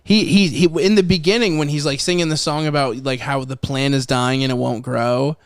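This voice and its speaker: A man hosting a film podcast in casual chat, animated, swearing freely and acting out scenes from the movie. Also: medium pitch, brisk, no room sound, clean studio sound.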